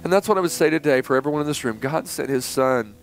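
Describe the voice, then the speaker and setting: A middle-aged man preaching a sermon in church, telling a personal story and swinging between loud emphasis and hushed, tender passages. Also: fairly high pitch, fast talker, faint music behind. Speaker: pastor. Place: church sanctuary.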